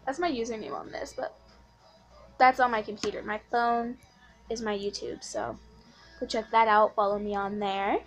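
A young woman casually vlogging to her channel, gushing and excitable like an overjoyed fan. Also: on the high side, moderate pace, soft background music. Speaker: YouTuber. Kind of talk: casual vlog chat.

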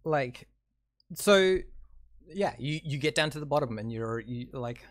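A man narrating as game master, halting and full of fillers and restarts. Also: medium pitch, animated, dry recording, studio quality.

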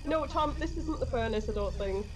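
Panicky high-pitched woman gamer. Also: animated, normal speed, background noise. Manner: panicky, whiny, swearing. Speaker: co-op gaming partner. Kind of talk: frightened game chat.

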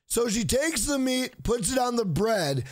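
A man, hosting an exasperated storytime vlog about a bad fast-food visit. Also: very high voice, big pitch swings. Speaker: channel host.

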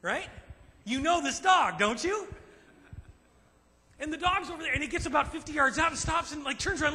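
A high, bright-voiced man preaching a sermon with emphatic, animated delivery and acted asides. His voice rings with the long reverb of a large church hall. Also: a little fast, slight background noise. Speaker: pastor. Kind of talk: sermon to a men's group.

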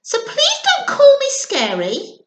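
A small, sweet storybook monster squeaks politely in a high, bouncy voice, quick to take fright. A woman puts the voice on. The recording has a roomy echo. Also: huge pitch swings, exaggerated voice. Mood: pleading.

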